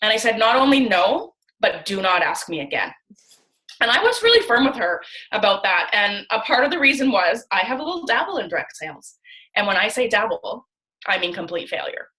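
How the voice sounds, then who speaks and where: A woman in her thirties from Canada, telling her story in a casual, animated way on a video call and acting out the dialogue she quotes. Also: mid-range voice, brisk, rough recording. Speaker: guest speaker on a training call.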